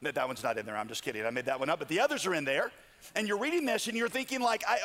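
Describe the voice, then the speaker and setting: A man's voice: on the high side, lively intonation, rapid-fire, pushed and bright. A man preaching a sermon, telling stories with joking asides. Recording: long hall reverb.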